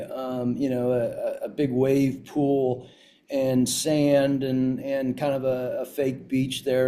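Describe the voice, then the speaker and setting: A man's voice: medium pitch, mellow. A man guest on a podcast, telling a story with lots of restarts and fillers. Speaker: CEO guest. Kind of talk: casual storytelling interview.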